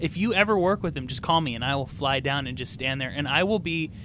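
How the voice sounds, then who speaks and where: A man hosting a casual podcast, playful and quick to laugh. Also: a little high, noisy background. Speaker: podcast host.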